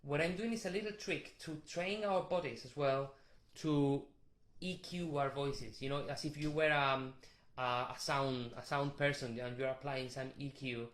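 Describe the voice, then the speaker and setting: A man teaching a vocal warm-up, explaining technique with restarts and short sung demonstrations. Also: mid-range voice, a little slow, reverberant. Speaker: vocal coach.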